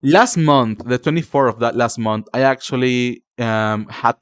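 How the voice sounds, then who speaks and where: A man's voice: mid-range voice, unhurried, clean tone, no room sound. Guy streaming live, calls chat darling n cutie, lots of restarts, dry close sound. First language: Spanish. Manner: frequent restarts and fillers.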